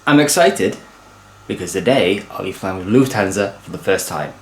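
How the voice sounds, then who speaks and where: A man's voice: sits low, fairly quick, echoey room. A young man chatting casually to camera in a travel vlog at an airport, with many fillers. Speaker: aviation vlogger.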